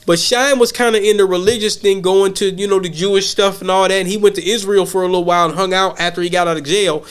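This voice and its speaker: A man co-hosting a podcast, talking in a casual, profane and animated way and acting out quotes. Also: sits high, smooth. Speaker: podcast co-host. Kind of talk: casual chat.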